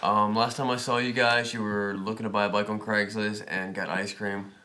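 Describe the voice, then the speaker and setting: A man hosting a casual livestream, reading viewer questions aloud and thinking out loud in a rambling, jokey way. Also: on the low side, level tone, moderate pace, roomy sound, slight background noise. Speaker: host of a motorcycle dealership livestream.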